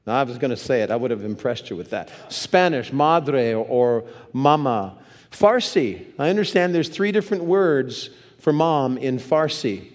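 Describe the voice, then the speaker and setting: A man preaching a sermon to a congregation, telling stories with humor and lively asides. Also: mid-range voice. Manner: animated storyteller, jokes with the congregation. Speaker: pastor. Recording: long hall reverb.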